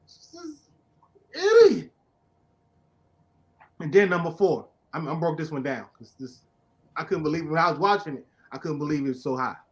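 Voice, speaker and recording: Excitable man with a fairly high voice. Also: moderate pace, pauses often. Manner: excitable, laughing, emphatic outbursts. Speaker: podcast host. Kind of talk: casual comic book chat.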